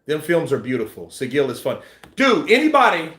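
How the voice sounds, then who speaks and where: A man hosting a boxing news channel, chatting casually and acting out scenes with shouts and sound effects. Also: on the high side, wildly swooping pitch, a little fast, roomy sound. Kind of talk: casual live-stream chat.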